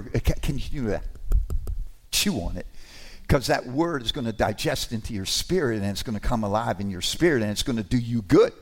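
A man preaching a sermon to his congregation, conversational and animated, with sudden emphatic rises. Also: mid-range voice.

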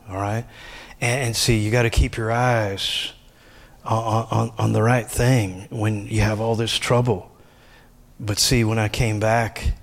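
A middle-aged male pastor preaching in a low, easygoing voice. His sermon sounds like talk among friends, and it jumps from hushed asides to loud, raised lines.

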